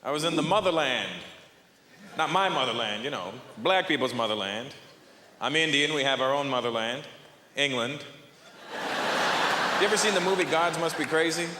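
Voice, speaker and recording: A man performing a stand-up comedy set, animated and jumping between characters' voices. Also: fairly high pitch, normal speed, pauses often, background noise. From Canada. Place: large theater on stage. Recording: live hall reverb with audience.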